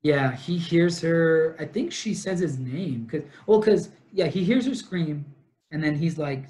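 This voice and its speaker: This young co-host's voice is a little high and darkish, and he's unhurried as he recaps a plot for casual book-club talk. The retelling wanders, heavy on detail and littered with fillers and side comments.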